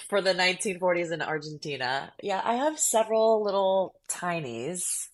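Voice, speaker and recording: Low-voiced woman, reflective storyteller. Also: animated, moderate pace. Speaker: podcast guest, actor. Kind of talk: casual interview chat.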